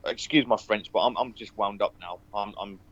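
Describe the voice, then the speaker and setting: A man's voice: lowish voice, moderate pace, fairly bright tone. An angry man calling in to a live stream, ranting with heavy swearing. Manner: angry, profane, rising to outbursts. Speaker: caller. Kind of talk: angry call-in rant. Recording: dull call audio with faint noise.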